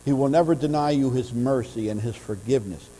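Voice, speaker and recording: Male pastor, mellow tone, impassioned sermon delivery, church hall reverb. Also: medium pitch, a little fast. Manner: earnest preaching, swelling louder in passionate runs. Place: church sanctuary. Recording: church audio with long reverb and mains hum.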